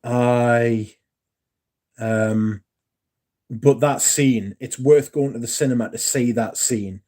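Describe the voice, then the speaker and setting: A man's voice: medium pitch, fairly even intonation, takes it slowly, a little mellow. A man, chatting casually and rambling on a livestream, answering viewers and swearing now and then. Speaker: livestream host. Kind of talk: casual chat.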